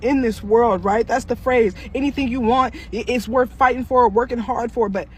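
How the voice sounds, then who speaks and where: A woman's voice: a little high, fairly even intonation, slight background noise. A woman in her twenties, a social worker, venting angrily and swearing through a string of rhetorical questions. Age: 20s. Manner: furious, swearing heavily, rapid rhetorical questions. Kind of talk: angry venting monologue.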